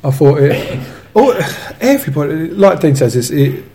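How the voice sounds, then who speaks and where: A man's voice: on the high side, sing-song, normal speed, warm tone, slight background noise. A man co-hosting a football podcast, talking enthusiastically and rambling with restarts. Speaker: podcast co-host. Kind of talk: casual football chat.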